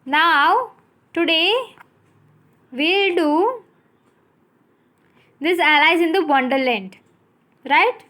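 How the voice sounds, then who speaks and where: A woman teacher with an Indian English accent, giving a recorded English lesson, explaining words slowly and spelling them out letter by letter. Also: very high-pitched, bright, forceful tone.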